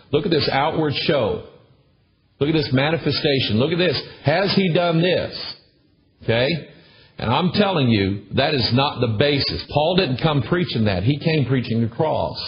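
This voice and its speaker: A man's voice: mid-range voice, dull audio. A pastor in his sixties preaching a folksy, conversational sermon with storytelling asides. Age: 60s.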